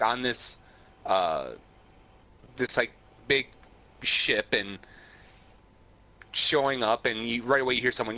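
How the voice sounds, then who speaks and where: A man's voice: mid-range voice, sharp tone. A man co-hosting a pop-culture podcast, retelling a story in casual chat with lots of laughs, swearing and stammered restarts. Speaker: podcast co-host. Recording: dull lo-fi sound.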